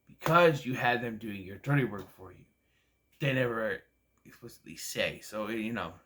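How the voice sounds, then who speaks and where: A man's voice: lowish voice, animated, normal speed, background noise. Sleepy, rambling man reviewing movies. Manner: rambling, yawning, lots of fillers. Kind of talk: casual vlog movie ranking.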